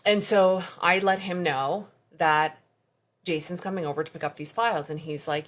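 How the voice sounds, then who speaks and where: A deep-voiced woman, appearing as a podcast guest, recounts a personal story in conversation. She speaks haltingly and reenacts dialogue from the past.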